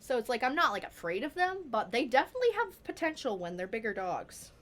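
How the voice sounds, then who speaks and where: A woman's voice: a little high, big pitch swings, fast, a bit bright. Chatty, jokey young woman co-host. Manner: chatty, jokey, crude, storytelling. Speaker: co-host of a let's play. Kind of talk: casual chat over gameplay.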